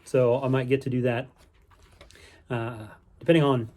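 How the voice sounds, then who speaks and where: A man talking through his day for a vlog in a loose, rambling way, stopping and restarting often with plenty of fillers. His voice sits at an ordinary middle pitch, and he sounds easygoing and upbeat throughout. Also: flat delivery, moderate pace, darkish tone. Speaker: vlogger on a canal boating holiday. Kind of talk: casual spoken recap.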